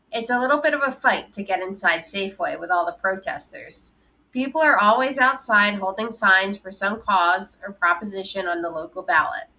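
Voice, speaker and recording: Bright-voiced woman reading a novel aloud. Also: medium pitch, low-quality recording. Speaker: audiobook reader.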